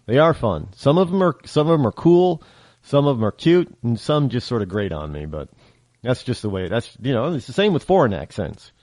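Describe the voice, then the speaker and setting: A man's voice: medium pitch, very animated, a little fast, darkish tone, no echo. A man from upstate New York with a faint local accent, hosting a talk show and giving his opinions in a rambling monologue. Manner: rambling, restarts often, mimics accents. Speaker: radio show host.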